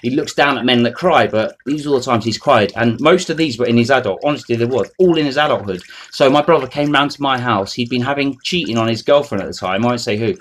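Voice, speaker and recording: A man's voice: medium pitch, fast talker, few pauses, a bit bright. A man, ranting to camera in a rambling, foul-mouthed, mocking way. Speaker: vlogger. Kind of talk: unscripted rant to camera.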